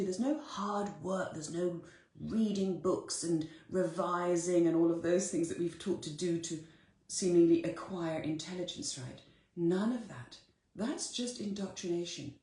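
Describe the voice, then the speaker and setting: A woman's voice: on the low side, dark tone, roomy sound. A woman giving a live-streamed motivational talk, earnest and direct, repeating her key phrases to her listeners. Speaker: spiritual coach.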